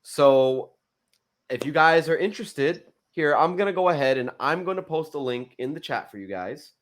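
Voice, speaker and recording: A man co-hosting a casual wrestling podcast, talking in an excitable, rambling way and laughing often. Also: a little high, moderate pace. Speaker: podcast co-host.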